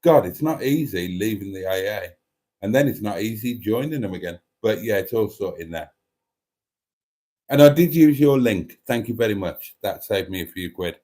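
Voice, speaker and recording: A man's voice: lowish voice, lively intonation, moderate pace, warm tone. A middle-aged man with a chatty, rambling manner and cheeky asides, hosting a livestream and reading out comments from chat. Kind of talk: casual chat.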